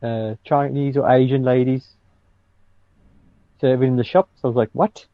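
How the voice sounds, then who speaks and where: A man's voice: mid-range voice, fairly even intonation, moderate pace, no echo, narrow, tinny audio. A man joking through casual podcast banter, often stopping and restarting his sentences. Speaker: podcast co-host.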